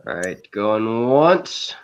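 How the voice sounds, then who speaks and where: A man's voice: fairly low pitch, sing-song, extremely slow, clear, resonant tone. A man hosting a casual group chat, running a vote with joking, playful asides. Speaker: host. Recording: dull lo-fi audio.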